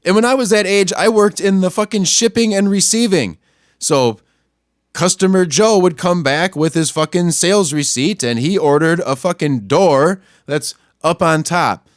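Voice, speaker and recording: High-voiced man on a profane rant. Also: normal speed, no room sound, clean studio sound. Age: adult, not much older than a young store clerk. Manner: angry, crude, swings between muttering and yelling. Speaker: podcast host. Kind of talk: profane ranting monologue.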